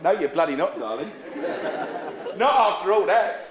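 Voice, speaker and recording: Man host at a live show, high animated voice, teasing the crowd, echoey theatre from afar. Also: normal speed, long pauses. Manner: cheeky teasing of audience members. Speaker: narrator and compere of a live comedy melodrama. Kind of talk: audience banter on stage. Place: theatre stage with live audience. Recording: echoey theatre recorded from far off, audience noise. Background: audience laughter.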